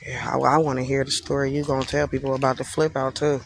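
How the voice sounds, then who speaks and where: A man's voice: mid-range voice, level tone, quick pace, gravelly, slight background noise. A man on a live stream, sarcastically repeating himself in an exasperated rant at someone who accused him.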